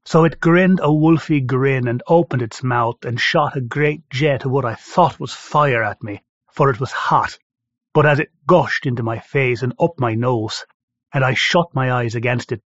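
A man reading a first-person story aloud in a steady, measured way. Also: mid-range voice, dry recording. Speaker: narrator. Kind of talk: first-person audiobook narration. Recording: dry, slightly dull recording.

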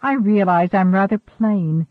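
A man reads an ageless, secretive woman scientist who speaks in a calm, measured, quietly firm way. The voice sits high, with a tinny, phone-like narrow band. There is no room sound at all. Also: dry recording. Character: centuries-old secretive woman scientist, composed and cool.

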